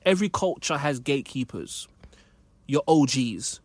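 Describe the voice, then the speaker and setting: A man's voice: medium pitch, expressive, moderate pace, slightly rough, dry recording. A British man in a casual discussion, making his points through stories and examples, his voice a little cracked. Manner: thoughtful, builds points with examples.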